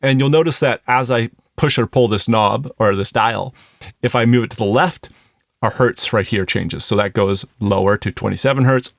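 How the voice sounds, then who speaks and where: A man's voice: fairly low pitch, creaky, no room sound, clean studio sound. A man reviewing an audio plugin in a casual, explanatory tutorial, thinking aloud as he goes. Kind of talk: casual screen-recorded tutorial.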